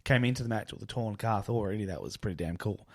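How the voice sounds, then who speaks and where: A young man with an Australian accent co-hosts a podcast in relaxed, chatty talk. His voice sits a bit low. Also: fast. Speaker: podcast co-host. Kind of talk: casual chat.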